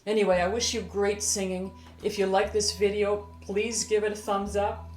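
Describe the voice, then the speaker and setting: An older woman, a vocal coach, giving a calm, encouraging singing lesson on video and talking through an exercise as she moves. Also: mid-range voice, moderate pace, soft background music. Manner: calm, encouraging, demonstrates while moving. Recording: echoey room.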